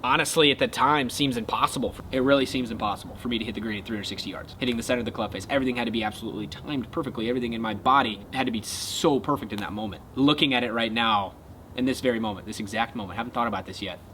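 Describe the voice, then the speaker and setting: A young man casually telling a golf story to his viewers, excitable and then earnest. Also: medium pitch, racing, a little hiss or hum. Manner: excitable retelling, quieter and earnest when talking faith. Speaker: golf content creator.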